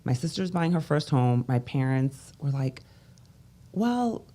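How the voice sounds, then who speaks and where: A woman's voice: moderate pace, warm tone. A woman from Brooklyn, a business coach telling her life story candidly as a guest, breaking off to voice other people. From Brooklyn, New York. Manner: candid storytelling with restarts, voicing others in raised pitch. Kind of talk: interview.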